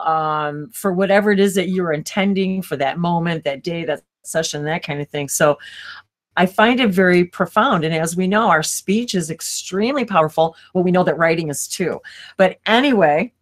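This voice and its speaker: Over a video call, a woman with a lowish voice co-hosts a live spiritual stream. She talks casually and rambles, cutting herself off with quick laughs.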